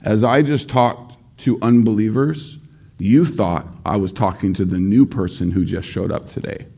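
Low, mellow-voiced male pastor preaching. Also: fairly even intonation, vocal fry, breathy edge. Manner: earnest preaching, slowing down for emphasis in prayer. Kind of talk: sermon.

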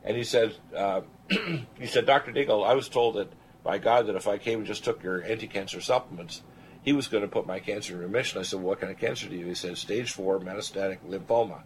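A man's voice: lowish voice, fast talker, slight background noise. Older man telling a story with conviction. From Canada. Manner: earnest, animated testimony, quoting others. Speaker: radio show host. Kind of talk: storytelling on a talk show.

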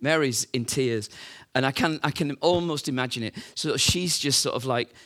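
A male preacher tells a story to his congregation in an easy, chatty way. He asks rhetorical questions and drifts between loud, lively moments and quiet ones, his voice at an ordinary middle pitch. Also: normal speed. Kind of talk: sermon.

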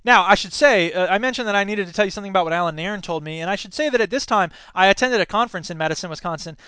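An American man in his thirties telling a story in a talk, animated, acting out quoted voices, with many fillers and restarts. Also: high voice, very fast, smooth, no room sound. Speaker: speaker giving a talk. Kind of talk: storytelling lecture.

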